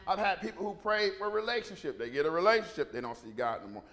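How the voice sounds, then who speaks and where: A male pastor preaching a sermon in a fairly high voice with lively rises and falls. He tells the story with animation, often repeating words and restarting his sentences. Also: fast talker.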